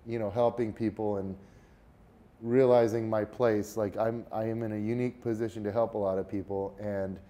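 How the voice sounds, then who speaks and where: A man who is a fitness entrepreneur, a guest on a podcast interview, telling stories in a lively way and often restarting his words. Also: lowish voice, normal speed. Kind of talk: casual interview storytelling.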